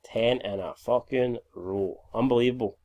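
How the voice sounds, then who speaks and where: A man's voice: medium pitch, moderate pace, a little mellow. A man in his twenties commentating his own video game, chatty and sweary, tired and stumbling over words as he records in the early morning. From Scotland. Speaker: gaming YouTuber. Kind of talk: casual gameplay commentary.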